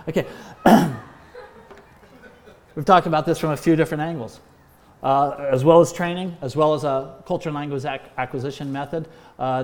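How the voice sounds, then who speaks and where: A man, a former missions pastor, giving an emphatic training talk full of exhortation and frequent "uh"s. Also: mid-range voice.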